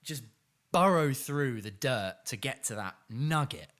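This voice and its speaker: A man's voice: medium pitch, expressive, measured pace, fairly bright tone. A man co-hosting a comedy podcast in casual chat, dry and sardonic as he plays along with the bits. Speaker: podcast co-host.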